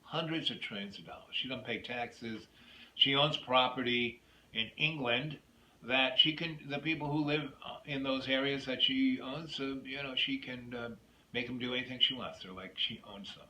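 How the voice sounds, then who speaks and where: A man's voice: medium pitch, normal speed, pushed and bright. A man hosting his own video, telling a rambling personal story that drifts off into opinions. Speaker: YouTube host. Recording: echoey room with faint noise.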